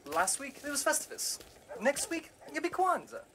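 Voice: high voice, big pitch swings, moderate pace, over music. Undead watchman, wry jokester, played by an actor, mid voice, bouncy inflection. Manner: wisecracking. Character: wisecracking undead night watchman, eager for a case. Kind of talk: short horror-comedy film acting.

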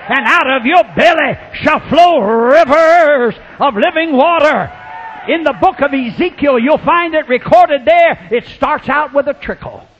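A high-pitched preacher shouts his sermon in bursts, then drops to a hush. The recording is dull and lo-fi, with a faint hiss behind him. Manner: swings from loud hollering to hushed mimicry. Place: revival tent or church with congregation.

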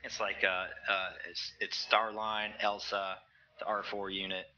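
A man narrating as game master of a tabletop role-playing game, energetic and loose with laughing asides. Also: fairly low pitch, measured pace, muffled recording, slight background noise.

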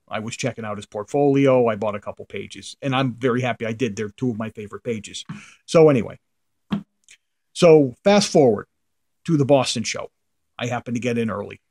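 A middle-aged man who collects comic art tells a rambling anecdote to the camera in a casual way. His mid-range voice is a little mellow, and it trails off into mutters at the ends of phrases.

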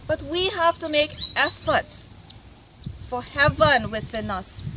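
A high-pitched woman gives an earnest spiritual address outdoors at a cremation ground. She pleads and repeats her words. Loud background noise and birdsong run under her voice. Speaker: spiritual medium.

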